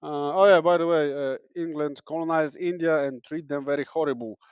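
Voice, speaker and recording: A man's voice: on the high side, steady tone, fairly quick, clean tone, no room sound, lo-fi sound. A young man from Poland, hosting a comedic podcast in a sarcastic, rambling way with many fillers and restarts. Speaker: podcast host. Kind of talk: casual comedic monologue.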